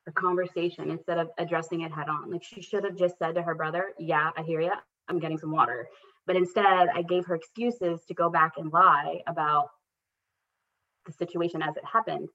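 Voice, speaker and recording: Candid woman telling a family story. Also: fairly low pitch. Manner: candid, self-deprecating, animated when quoting her kids. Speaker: guest. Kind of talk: casual conversational storytelling. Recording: dull lo-fi audio.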